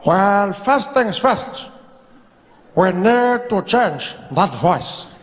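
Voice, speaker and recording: A man doing a slow, weighty aged statesman. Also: high-pitched, expressive, big-room sound, slight background noise, exaggerated voice. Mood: slow-lecturing. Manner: slow, weighty, measured delivery. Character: aged male statesman, calm and wise.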